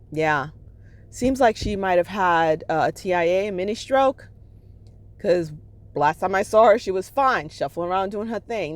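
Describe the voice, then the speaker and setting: A middle-aged woman talking candidly in a rambling vlog, checking in with her listeners as she goes. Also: fairly low pitch. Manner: emotional, swings between laughter and sadness. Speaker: spiritual vlogger. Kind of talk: casual personal vlog monologue.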